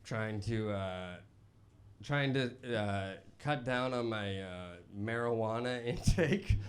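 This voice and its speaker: Speaking slowly in a fairly low voice, a young comedian delivers self-deprecating stand-up, stumbling into restarts and filler words. He holds a stage mic in a basement comedy club, where the crowd's laughter fills the live recording.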